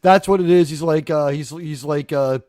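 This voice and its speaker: A man hosting a casual live-stream discussion, chatty and animated, often acting out characters' lines. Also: fairly high pitch, moderate pace, no echo, studio quality. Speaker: live show host.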